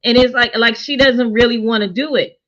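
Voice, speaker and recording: Chatty woman with a bright, dull-sounding voice. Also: on the high side, moderate pace. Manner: conversational, animated, quotes characters in her own voice. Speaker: show co-host reviewing a TV series. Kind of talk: casual review chat.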